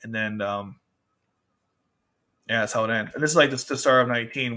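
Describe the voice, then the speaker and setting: A man's voice: on the low side, pushed and bright. A man casually chatting as a manga reviewer, rambling and restarting often, sometimes acting out characters' lines. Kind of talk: casual chat.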